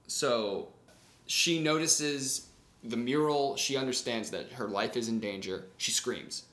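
A man casually retelling a story on a podcast, animated and swearing, acting out the scenes. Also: mid-range voice, slow pace. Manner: animated, swears, acts out scenes with sound effects. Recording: roomy echo.

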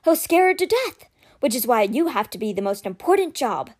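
A woman reading as a gentle coaxing young woman. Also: a little high, very animated, brisk. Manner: gentle, conspiratorial.

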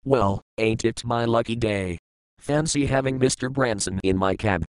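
A pushy, cheeky cab driver who keeps talking and will not take no for an answer, as an audiobook narrator puts him on. His voice is smooth and clear, recorded dry and close. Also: medium pitch, normal speed, dry recording, natural voice. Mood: cheeky, insistent. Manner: cheeky, insistent. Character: chatty, pushy male London cab driver.

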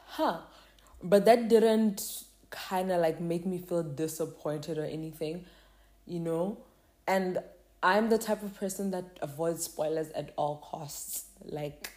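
A woman's voice: lowish voice, warm tone. A woman talking casually to camera, rambling and slangy as she reviews music. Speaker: K-pop reviewer.

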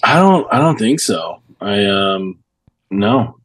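A man's voice: on the low side, very animated, takes it slowly. A man co-hosting a podcast in casual chat, retelling stories with lots of "I'm like" and swearing freely. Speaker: podcast co-host.

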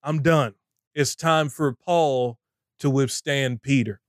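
A man's voice: medium pitch, slow, no echo, clean studio sound. A man preaching in a podcast chat, emphatic and repeating phrases for effect. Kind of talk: animated sermon-style talk.

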